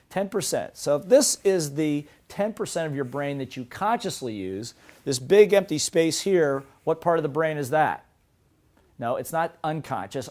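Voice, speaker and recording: Male motivational coach, slightly raised pitch, lively and emphatic with rhetorical questions. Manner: animated, swings between quiet and emphatic. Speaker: business coach. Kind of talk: motivational seminar lesson.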